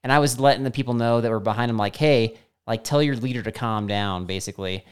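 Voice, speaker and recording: A man's voice: mid-range voice, fast talker, clean tone. A man co-hosting a podcast, telling a story in casual chat and jumping his voice up when he acts out what he said. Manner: animated storytelling, voice jumps up when acting out quotes. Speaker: podcast co-host.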